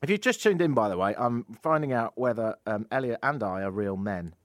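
Male radio host, 30s, wry joking storyteller; lively, slightly higher voice, dry close studio sound. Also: a little fast, no echo. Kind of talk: casual radio chat. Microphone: studio microphone.

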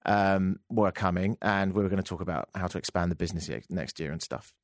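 A man telling a stand-up comedy story, with sarcastic, deadpan asides. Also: sits low, fairly quick, no echo, clean studio sound.

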